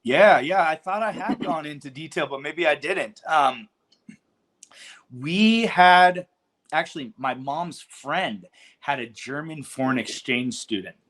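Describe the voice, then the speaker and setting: A man's voice: fairly high pitch, lively intonation, slow pace, fairly bright tone. A man in his forties from California, a podcast guest telling stories in a laid-back, slangy way with lots of filler words and casual swearing. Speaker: podcast guest, cannabis business founder. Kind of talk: casual storytelling interview.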